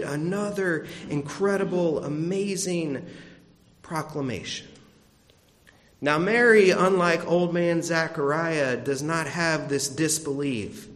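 A young man preaches with a slightly high voice, casual and storytelling, acting out quoted lines in a loose, conversational way. His voice rings out with the long reverb of a big hall. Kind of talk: sermon.

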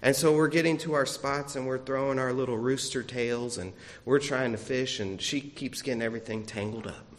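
A man's voice: mid-range voice, steady tone, moderate pace, few pauses. A man gives a sermon in a church sanctuary, a pastor whose voice sits in the middle range. He tells homespun stories with easy, self-deprecating humor. His words ring out with a long reverb off the hard walls of the room.

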